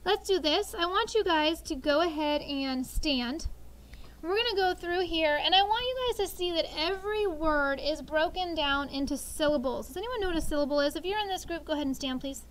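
A woman teaching a vocabulary lesson in a classroom, her voice high and bright. She explains each word plainly and stretches words out syllable by syllable for the class to repeat. Faint room noise sits behind her. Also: fast talker, few pauses, low-quality recording. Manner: clear, instructive, drawing out words syllable by syllable.

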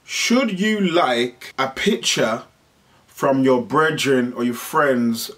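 A man hosting a vlog, telling a story in an animated, slangy way and swearing freely. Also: medium pitch, slow pace. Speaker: vlog host. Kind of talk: casual storytelling monologue. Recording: voice a bit far from the mic.

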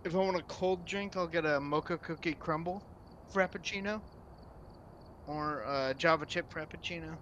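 A man joining a game stream as a guest, chatting in a relaxed way and swearing casually. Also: on the high side, normal speed, dull audio, slight background noise. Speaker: guest player. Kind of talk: casual chat while gaming.

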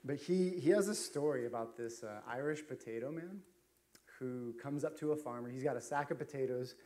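A man's voice: mid-range voice, darkish tone. A man preaching a sermon as a pastor, chatty and storytelling, with frequent fillers and restarts. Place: church sanctuary.

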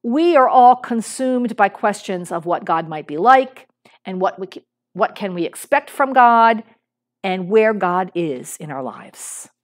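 An animated but unhurried middle-aged woman preaches a sermon conversationally, restarting and using fillers. When her story includes a little boy, she voices his lines higher.

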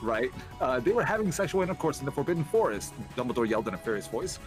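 A man co-hosting a comedic gameplay chat, mockingly reading a story aloud in halting starts. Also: medium pitch, big pitch swings, music in the background.

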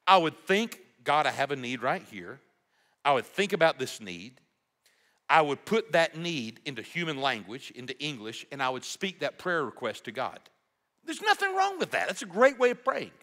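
Guy preaching, bright voice, pitch all over the place, lots of emphasis. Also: normal speed. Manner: animated, emphatic preaching with rhetorical questions. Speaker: pastor. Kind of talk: sermon.

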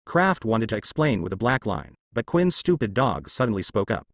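Male audiobook narrator, lively pitch, dry sound, flat read. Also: moderate pace, no echo. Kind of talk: audiobook narration of translated fan fiction.

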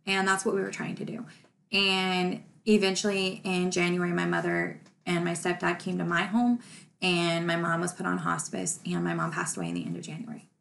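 Woman vlogger, gravelly voice, chatty and emotional, laughs through sad stuff. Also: lowish voice, normal speed, a bit bright, slight background noise. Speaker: true crime YouTuber. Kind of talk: personal vlog talk to camera.

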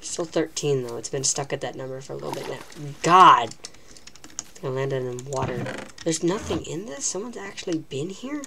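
A woman's voice: low-pitched, fairly bright tone, a little hiss or hum. A woman giving live, self-mocking commentary while playing a video game, talking to herself as she plays. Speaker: gaming channel host.

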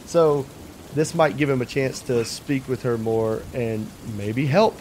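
A man at a tabletop game, talking through his character's thinking in a loose, rambling way. His pitch is mid-range. A soft patter of rain sits underneath. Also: measured pace, slight background noise. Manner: rambling, animated, with fillers. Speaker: player. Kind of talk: casual chat explaining his character.

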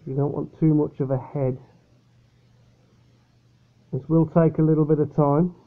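A young man with a fairly high voice reviews a beer at home, speaking flatly at a measured pace. He rambles and chats in a casual product-review vlog, often correcting himself, and the audio sounds tinny, like a phone recording.

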